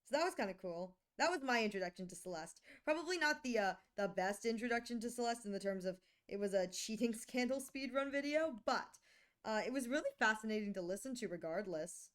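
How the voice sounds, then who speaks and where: A woman's voice: on the high side, lively intonation, brisk. A sick woman streamer chatting casually and playfully, reading her chat aloud.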